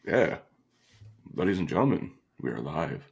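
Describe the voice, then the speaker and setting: A man's voice: rumbling low, very animated, moderate pace, creaky, husky, muffled recording. A tired man co-hosting a podcast in casual chat, joking and laughing often. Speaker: podcast co-host.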